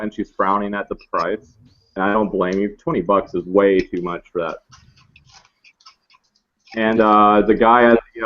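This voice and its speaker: A man's voice: on the low side, a bit bright. A man narrating a tabletop game as game master, rambling and correcting himself with jokes, on a muffled lo-fi recording. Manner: rambling, self-correcting, joking.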